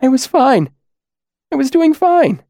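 A man reads a frail, terrified young man whose thin, reedy voice cracks and climbs far above a normal speaking pitch. He talks softly but urgently, full of panic. The audiobook recording is dry and close. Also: sing-song, measured pace, dry recording, heavily acted. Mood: frightened. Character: frail, frightened thin man about thirty. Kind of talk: audiobook character voice.

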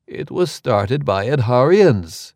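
Casting: narrator doing a cool, matter-of-fact explainer, dry close read, even delivery. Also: male voice, medium pitch, slow pace, no echo. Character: calm, precise, lecturing man.

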